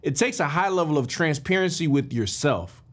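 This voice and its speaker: A man hosting a podcast, telling a motivational story in an animated way and talking straight to his listeners. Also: a little high, moderate pace. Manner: animated, addresses listeners directly and informally; emphatic with frequent restarts and fillers. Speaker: podcast host.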